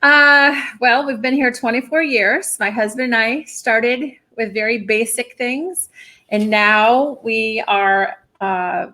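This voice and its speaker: Woman, restaurant owner guest, friendly casual chat, fairly high bright voice. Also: takes it slowly.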